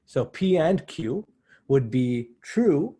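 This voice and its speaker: Mellow, husky-voiced male math lecturer. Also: fairly high pitch, very animated, slow. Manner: conversational, self-correcting, explains step by step. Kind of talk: university lecture.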